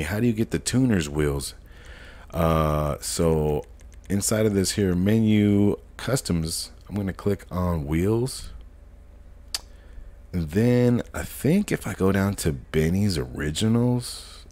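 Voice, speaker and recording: A man with a very deep, low voice runs a live gaming tutorial stream. He talks in easygoing slang and thinks out loud, stopping to correct himself as he clicks through menus. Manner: laid-back slangy talk, thinks aloud and corrects himself. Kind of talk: live modding tutorial, casual chat.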